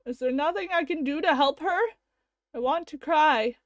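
A woman's voice: high-pitched, normal speed, no echo, lo-fi sound, close to an everyday voice. A woman voicing a guilt-stricken young male scientist, narrating with anguish as she reads a visual novel aloud. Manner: anguished first-person narration.

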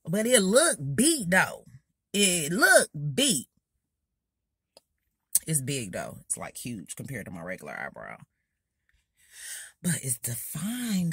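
A young woman beauty vlogger telling a story while doing her makeup, animated and loud, acting out what people said. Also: deep voice, breathy edge, dry recording, clean studio sound. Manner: animated, loud, acting out quotes in Southern US slang.

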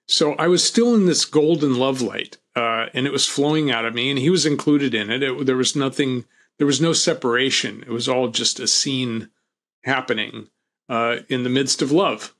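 Calm, reflective male storyteller. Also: medium pitch, moderate pace. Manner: reflective, calm, with wry laughs. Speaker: interview guest. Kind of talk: personal storytelling.

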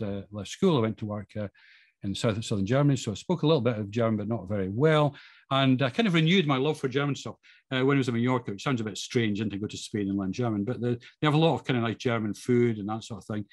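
A man's voice: medium pitch, no room sound. A middle-aged Scottish man talking casually about his life, rambling with many fillers and restarts. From Scotland. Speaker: podcast guest. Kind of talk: casual monologue.

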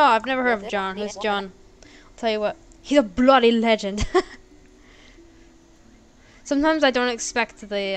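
A woman's voice: on the high side, clear, resonant tone. A young woman giving playful, sarcastic commentary while playing a video game, bickering with the characters and laughing easily. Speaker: let's play gamer. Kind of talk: casual gameplay commentary.

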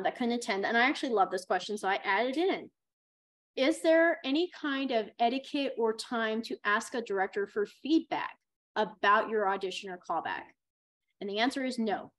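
A woman acting coach and teacher giving a workshop talk on auditions in a chatty, encouraging way. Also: fairly high pitch.

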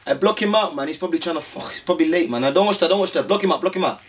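An actor playing a restless young gang member who talks in casual street slang. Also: male voice, fairly high pitch, rapid-fire, distant mic, lightly acted. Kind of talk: indie street film acting.

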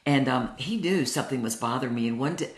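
A woman's voice: very deep voice, fast talker. A woman in her sixties teaching a Bible study, earnest and heartfelt as she tells personal stories. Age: 60s. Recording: roomy echo.

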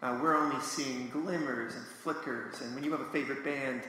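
Bright, earnest man in an echoey hall. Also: medium pitch, fairly even intonation, a little fast. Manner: earnest, enthusiastic, emphatic. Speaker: panelist, musician. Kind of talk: casual panel discussion. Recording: echoey live hall with faint noise.

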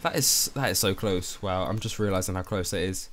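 A man's voice: low-pitched, fairly quick, slight background noise. Jumpy young man playing a game. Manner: excitable, jumpy and easily spooked, talks to viewers. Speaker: gaming YouTuber. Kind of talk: let's play commentary.

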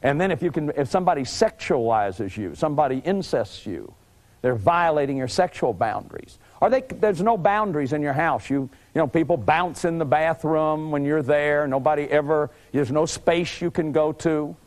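A man in his fifties giving a lively lecture, acting out little scenes and restarting sentences with repeated words. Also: fairly high pitch, moderate pace. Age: 50s. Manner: animated, acts out little scenes with sudden shouts and growls. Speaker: lecturer on family therapy.

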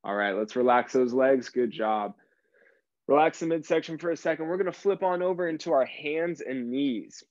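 A man's voice: medium pitch, moderate pace, no echo, muffled recording. A man leading a live online core workout class, giving encouraging coaching cues while slightly out of breath. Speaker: fitness instructor.

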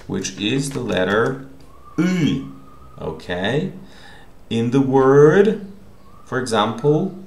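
A man teaches a recorded language lesson, patiently explaining and often checking with a questioning "okay?". His voice sits low and carries a gravelly fry, and his pace is very unhurried. The room around him sounds echoey.

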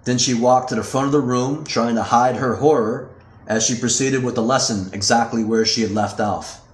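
A man reading his own novel aloud as an audiobook, in a steady, measured storytelling voice. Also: medium pitch, echoey room. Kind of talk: audiobook narration.

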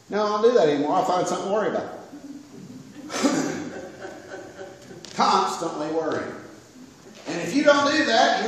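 An older man preaching a folksy, self-mocking sermon, swinging between raised and quiet passages. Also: very high voice, a little hiss or hum. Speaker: pastor. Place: church sanctuary. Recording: echoey church hall from far off.

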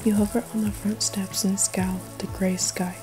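A woman narrating an interactive story in a soft, hushed, second-person whispered role-play. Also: mid-range voice, flat delivery, normal speed, over music, rough recording.

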